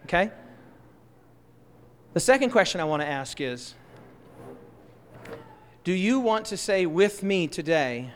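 A high-voiced male preacher delivering an impassioned sermon. He drives his points home with loud, rising bursts, then drops into slow, quiet asides. The sound carries a long reverb from the church hall. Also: big pitch swings. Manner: impassioned, swings between loud emphasis and soft slow asides.

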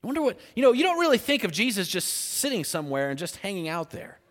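Animated high-voiced male preacher. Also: quick pace, big-room sound. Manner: animated, acts out the voices in the scripture story. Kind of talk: sermon.

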